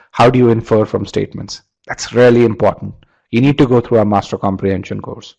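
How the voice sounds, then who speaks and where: A man's voice: mid-range voice, creaky, a little mellow, rough recording. A man teaching a live online webinar, often repeating words as he restarts and quizzing his audience. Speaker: online course instructor.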